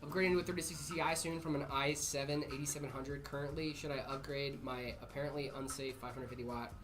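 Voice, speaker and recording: A man's voice: mid-range voice, fairly even intonation, fast talker, over music. A man hosting a casual livestream, reading out viewer questions in a loose, chatty way. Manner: loose and chatty, says dude a lot. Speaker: livestream host.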